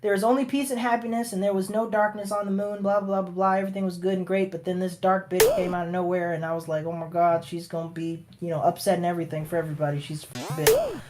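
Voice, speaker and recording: A man's voice: sits high, fast talker, background noise, natural voice. A man voicing a prissy, self-righteous queen mother in a snippy, sarcastic parody.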